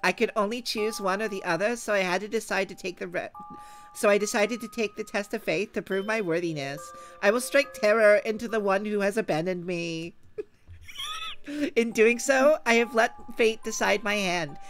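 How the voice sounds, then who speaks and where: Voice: medium pitch, very animated, moderate pace, fairly bright tone, soft background music, voice pushed up. A game player putting on an exaggerated Valley Girl voice to read a young girl's farewell letter in a visual novel. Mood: dramatic. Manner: sing-song, overblown reading.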